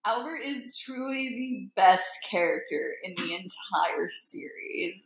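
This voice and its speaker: Slow-talking excitable woman co-host. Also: mid-range voice. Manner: excitable, swearing, laughing reactions. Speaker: podcast co-host. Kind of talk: casual watch-along chat. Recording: echoey room.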